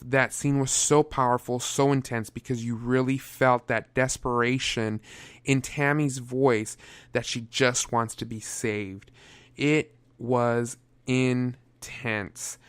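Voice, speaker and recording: A man's voice: mid-range voice, clean tone, no room sound. A young man reviewing a movie in a casual, sarcastic way, often breaking into exasperated outbursts.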